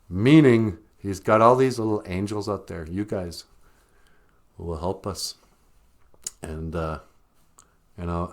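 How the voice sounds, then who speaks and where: A man telling a folk tale in a relaxed, unhurried manner. His voice rises and falls expressively, and he pads his lines with easy fillers. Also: fairly low pitch. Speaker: storyteller and channel host. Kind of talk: casual spoken folk tale.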